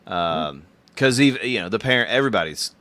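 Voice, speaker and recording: A man's voice: on the low side, expressive, a little fast, sharp tone. A man hosting a casual movie discussion, reading out his own notes in an easygoing way.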